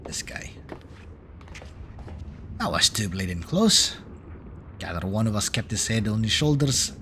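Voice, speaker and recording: A man voicing a chatty, worldly male sea traveler from a game, with a gruff, drawling put-on accent. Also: fairly low pitch, lively intonation, measured pace, a bit bright, a little hiss or hum. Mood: relieved. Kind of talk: reading game dialogue aloud in character. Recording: game music clearly behind. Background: game music.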